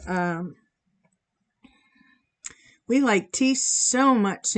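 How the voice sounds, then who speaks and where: A fairly high, expressive female voice, slow and full of frequent pauses. Painting live for charity, she giggles and chats casually in response to what viewers write in the chat.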